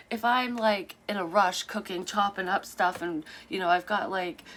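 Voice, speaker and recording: A woman's voice: medium pitch, a little slow, fairly bright tone. A woman telling a personal story in a casual vlog, candid and rambling, swearing freely and filling gaps with "um".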